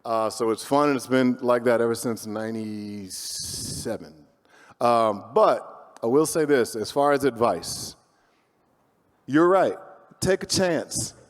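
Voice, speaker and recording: A man telling stories on a convention panel as a voice actor, animated and motivational, joking as he gives advice. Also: mid-range voice, slow. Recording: roomy hall reverb.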